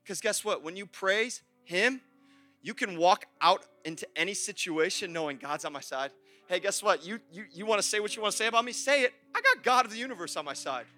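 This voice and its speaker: A young man preaching a sermon at a church service, passionate, moving between shouted praise and quiet, personal confession. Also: sits high, animated, fairly quick, faint music behind. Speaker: pastor.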